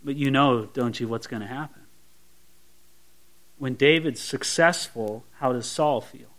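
A man preaching a verse-by-verse sermon, dropping to quiet asides and rising to emphatic peaks, sometimes mimicking gushing prayers. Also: unhurried. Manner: swings between soft low asides and bright emphatic peaks; voices imagined sweet prayers mockingly. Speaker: pastor. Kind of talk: expository sermon.

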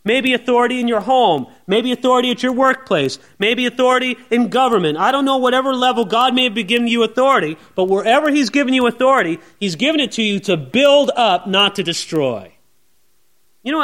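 A man preaching a conversational verse-by-verse sermon who keeps asking the congregation questions and acts out quoted voices. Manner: conversational, often asks the listeners questions; acts out quoted voices with big shifts in pitch and loudness. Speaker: pastor. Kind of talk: expository sermon.

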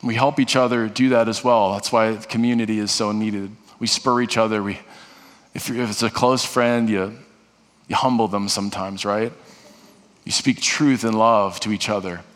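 A man's voice: fairly low pitch, fairly even intonation, moderate pace. Guy pastor giving a sermon, earnest, restarts a lot, big echoey church hall. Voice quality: earnest, repeats and restarts phrases. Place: church sanctuary. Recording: long reverb of a large hall.

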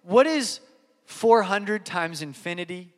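A man voicing God as a patient, gently correcting father figure in a sermon story. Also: sits high, expressive, slow pace, in a large hall. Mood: gentle.

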